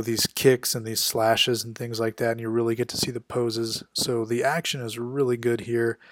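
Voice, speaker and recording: A man giving a casual spoken recap of a comic book issue, quickly voicing the characters' lines as he goes. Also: medium pitch, no echo, clean studio sound. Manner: conversational, acts out characters' lines with quick quotes.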